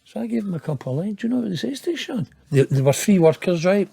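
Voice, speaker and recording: A Scottish man in his fifties spins a long, rambling tale as an interview guest, swearing freely and mocking himself. His voice sits on the higher side for a man. The sound is close and dry. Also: very animated, quick pace, vocal fry, mellow, breathy edge, dry recording. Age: 50s. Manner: rambling, profane, laughs at his own tale, self-mocking. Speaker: interview guest telling a story. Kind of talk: casual storytelling in an interview.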